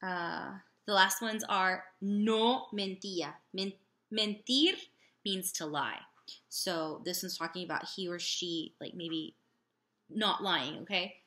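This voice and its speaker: A woman teaching a language lesson slowly and patiently, sounding out example phrases carefully and pausing on fillers. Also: fairly low pitch, bright, forceful tone. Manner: slow, deliberate, with many fillers. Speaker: Spanish teacher.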